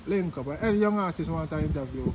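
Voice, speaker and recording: A Jamaican man talks easily to his viewers in a fairly high voice, unhurried and repetitive in a friendly vlog way. He is recorded outdoors. Loud passing vehicles and clicks roar behind him. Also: expressive, noisy background. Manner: laid-back, repeats "yeah, man" and "you see me". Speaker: vlogger host. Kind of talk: casual promotional chat.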